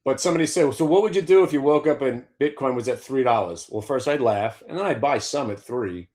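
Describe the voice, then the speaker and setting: Brash male market host, fifties, profane and sarcastic, mid-pitched voice. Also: brisk, darkish tone. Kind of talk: opinionated trading talk.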